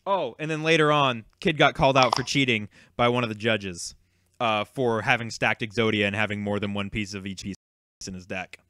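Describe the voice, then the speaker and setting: A man's voice: fairly low pitch, brisk, sharp tone, no echo. Exasperated young man telling a story. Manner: rambling, exasperated, lots of fillers and swearing. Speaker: YouTube card game creator. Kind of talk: casual storytelling.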